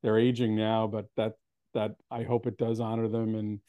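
A man hosting an interview, telling stories with many halting restarts. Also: on the low side, completely flat delivery, clean tone, dry recording, dull audio. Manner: warm storytelling, halting restarts. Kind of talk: casual interview chat.

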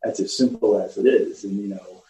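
A middle-aged man telling stories in casual chat, slipping into quick put-on voices and laughing as he goes. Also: fairly low pitch, mellow. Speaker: podcast guest. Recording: roomy, distant, muffled recording.

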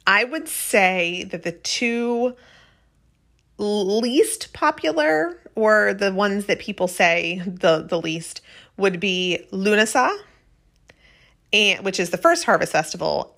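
Woman podcast host, mid-pitch voice, loose rambling solo chat. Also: lively intonation, slow pace, gravelly, a bit bright. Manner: rambling, chatty. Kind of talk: casual podcast monologue.

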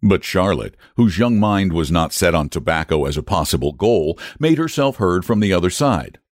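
Low, expressive man reading a story. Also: moderate pace, dry recording, studio quality. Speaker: narrator.

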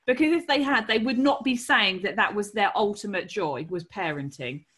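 A woman co-hosting a casual chat, swearing freely and acting out her stories with animation. Her voice is bright and forward. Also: medium pitch, normal speed. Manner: blunt, sweary, animated storytelling. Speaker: podcast co-host.

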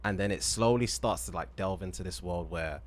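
A man with a British accent, a podcast guest chatting casually in a measured, thoughtful way. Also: low voice, dry recording. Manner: measured, thoughtful, hums agreement. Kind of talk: casual chat.

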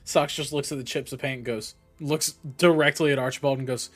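A man at a tabletop game who chats in a playful, animated way. His pitch is ordinary, and faint music plays behind him. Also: brisk. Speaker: player.

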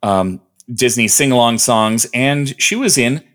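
In an unhurried, fairly bright medium-pitched voice, this co-host rattles off trivia during a relaxed podcast chat, filling the gaps with lots of ums and uhs as he rambles.

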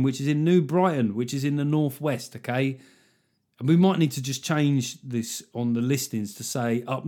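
A man's voice: medium pitch, warm tone. Male comedy podcast host, dry sarcastic riffs, plenty of swearing. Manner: sweary, sardonic riffing with mock voices. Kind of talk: solo comedic podcast monologue.

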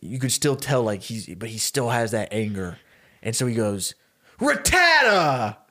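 A man co-hosting a podcast, casually telling a story and jumping into his characters' voices as he goes. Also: lowish voice. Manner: animated, acts out characters' lines in quick bursts. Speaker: podcast co-host pitching a story.

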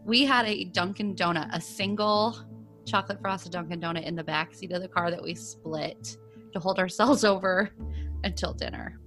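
Woman co-host, somewhat low voice, loose rambling storyteller, faint music behind. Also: moderate pace. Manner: rambling, frequent "like" fillers. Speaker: podcast co-host. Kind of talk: casual storytelling chat.

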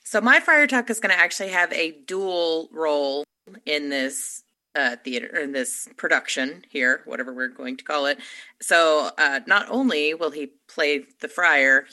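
A woman's voice: sits low, unhurried, pushed and bright. A woman on a podcast panel in casual chat, explaining her pick at length in a chatty, playful way. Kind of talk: casual fan-casting chat.

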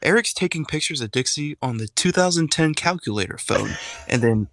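Man, podcast co-host, bright lively voice, steady retelling, dry sound. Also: on the high side, fairly quick, no echo. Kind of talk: casual podcast banter.

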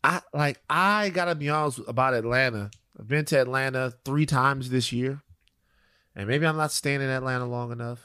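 A man's voice: mid-range voice, normal speed, bright, forceful tone, smooth, dry recording, clean studio sound. A man co-hosting a podcast in casual chat, rambling and joking, repeating phrases for laughs. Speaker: podcast co-host.

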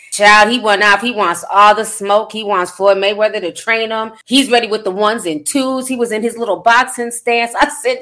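A woman's voice: medium pitch, a bit bright. A woman doing casual commentary on her vlog, chatty and sassy, calling her listeners honey and child. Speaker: vlogger.

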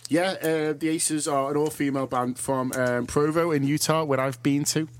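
A man with a mid-pitched voice chats on a radio show and introduces songs. He talks loosely, swears freely and livens up as he tells stories. He is speaking into a studio microphone. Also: normal speed. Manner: chatty, swearing freely, animated when telling stories. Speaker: radio presenter. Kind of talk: casual studio chat.

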